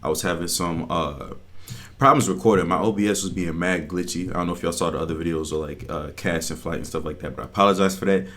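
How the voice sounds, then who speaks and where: Low-voiced man riffing in slang. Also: fast, a bit bright. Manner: slangy, interjects over the clip. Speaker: reaction channel host. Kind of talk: casual reaction commentary.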